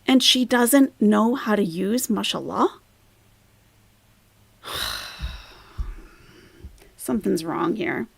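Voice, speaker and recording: A woman's voice: medium pitch, expressive, a little slow, gravelly, slightly rough, no echo. A woman hosting a reaction commentary, mocking the person in the clips she plays. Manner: scornful, mocking. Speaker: commentary channel host.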